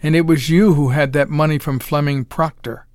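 A man's voice: fairly high pitch, steady tone, moderate pace, darkish tone, dry recording, clean studio sound, close to an everyday voice. A man voicing a desperate, cornered male hero who speaks in an urgent, strained way.

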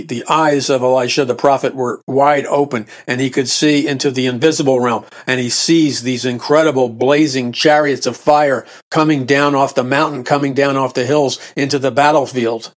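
A man preaching a sermon, emphatic, often repeating and restarting phrases and rising to bursts of intensity. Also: mid-range voice.

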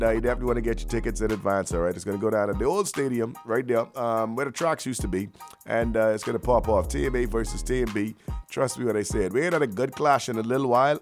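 A man hosting morning radio, rattling off banter with lots of slang and energy. He sits at a middle pitch, neither deep nor high. Soft music plays low behind him. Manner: energetic, rambling hype talk with slang. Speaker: morning radio show host.

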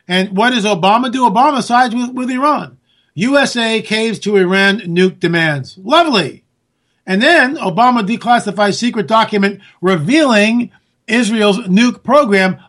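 Ranting man, high-pitched. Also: fairly bright tone. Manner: sarcastic, ranting, addresses listeners as folks. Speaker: talk show host. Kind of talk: political commentary monologue.

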